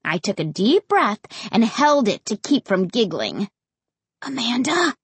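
Expressive woman narrating a storybook. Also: medium pitch, a little slow, slightly rough, no room sound. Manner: expressive, dramatic reading. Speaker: audiobook narrator. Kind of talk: first-person storybook narration.

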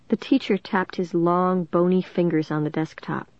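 Lower-voiced woman reading a storybook. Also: steady tone, normal speed, hardly any pauses, darkish tone, no echo. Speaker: audiobook narrator. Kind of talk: first-person storybook narration. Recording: dull, dry lo-fi recording.

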